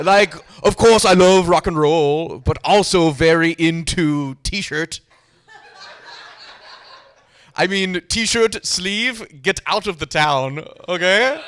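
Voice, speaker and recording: Male comic playing an eager accented coworker lady, broken grammar, pitched up and loud. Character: gushing foreign-accented female coworker, eager.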